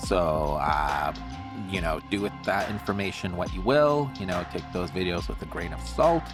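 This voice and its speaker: A man hosting a commentary video, measured and hedging with many fillers. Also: sits low, music in the background. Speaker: commentary host.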